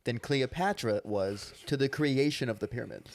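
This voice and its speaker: A man's voice: mid-range voice, normal speed. A young man co-hosting a casual comedy podcast, joking and rambling with lots of filler words. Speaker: podcast co-host.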